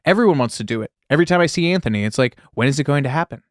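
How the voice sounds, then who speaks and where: A man's voice: mid-range voice, lively intonation, racing, no room sound, studio quality. A man co-hosting a casual podcast, reading out film history with wry, sarcastic asides. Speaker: podcast co-host.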